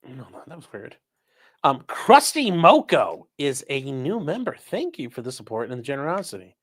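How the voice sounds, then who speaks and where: Man, livestream host, lively up-and-down delivery, sarcastic, swears, reads chat aloud. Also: mid-range voice, normal speed. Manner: sarcastic and blunt, swears freely; reads viewer messages aloud, with asides. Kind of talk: casual live commentary.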